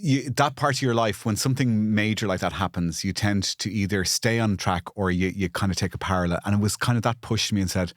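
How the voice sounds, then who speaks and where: Irish man, low voice, halting restarts. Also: dry recording, studio quality. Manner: halting restarts, repeats words, grows emotional. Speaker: guest, architect and TV presenter. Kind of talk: candid conversational interview.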